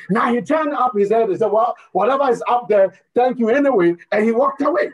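A man preaching a sermon, emphatic and building to shouts, telling a personal story between scripture readings. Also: high-pitched, slightly rough, rough recording. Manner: emphatic, rises to shouting at times.

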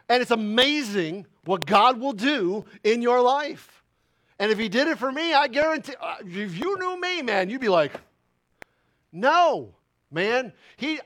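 A male pastor preaching a sermon with fervent bursts of loud emphasis that drop into quiet asides. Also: extremely high pitch. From Italian heritage.

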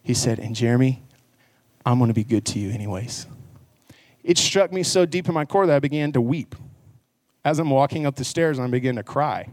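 A man's voice: mid-range voice, brisk, long pauses, a little mellow, dry recording, studio quality. A man preaching a sermon in church. He speaks earnestly and conversationally, and he rises into emphatic passages. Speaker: pastor.

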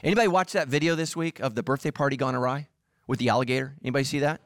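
Racing along in a mid-range voice, a middle-aged pastor preaches a funny sermon, bringing his stories to life by performing the voices and quotes. He's highly animated throughout. There's no room sound at all.

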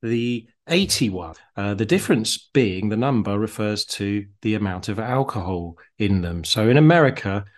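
A man, co-hosting a casual chat and explaining things in a steady way with some fillers. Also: fairly low pitch, normal speed, hardly any pauses. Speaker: co-host.

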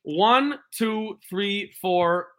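A young man with a bright, forceful voice sitting a little high for a man. He co-hosts a casual sports podcast and talks emphatically, ribbing his friends and laying on the trash talk. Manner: emphatic, trash-talking, quick to joke. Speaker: podcast co-host. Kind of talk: casual fantasy football chat.

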